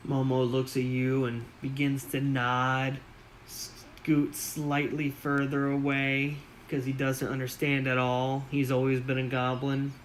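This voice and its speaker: A man narrating a tabletop game as game master, relaxed and halting with fillers. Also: medium pitch, slight background noise, rough recording.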